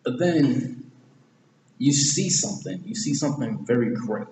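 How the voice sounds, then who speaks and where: A man's voice: medium pitch, lively intonation, brisk, a little mellow. A man casually analyzing a movie, rambling, correcting himself often and using slang. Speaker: movie reviewer. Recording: echoey room with long reverb, faint hiss.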